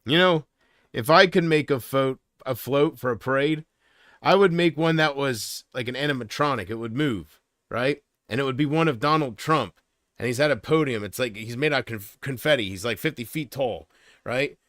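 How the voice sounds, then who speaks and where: A man's voice: mid-range voice, normal speed, fairly bright tone, dry recording, studio quality. A man chatting casually on a livestream from home, rambling and hesitant, often trailing off.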